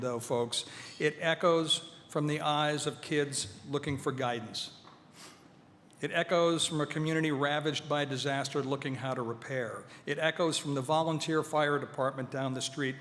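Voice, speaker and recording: A man giving a formal speech to an audience at a veterans' event, measured and earnest, with touches of light humor. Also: a little high, fairly bright tone. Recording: hall reverb, faint ambience.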